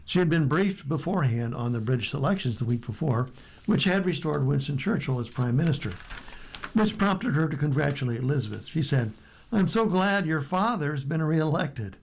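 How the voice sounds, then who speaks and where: A man with an American accent reading newspaper stories aloud for a radio reading service, steady and unhurried with light asides. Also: medium pitch, gravelly, a little hiss or hum, poor audio.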